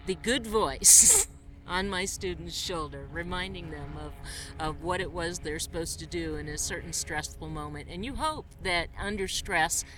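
A woman's voice: on the low side, unhurried, noisy background. A woman hosting an interview, friendly and conversational.

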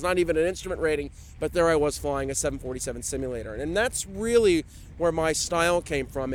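A man's voice: on the high side, a little hiss or hum. A man, a flight instructor, talking chattily and with animation in an interview. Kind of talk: enthusiastic interview talk.

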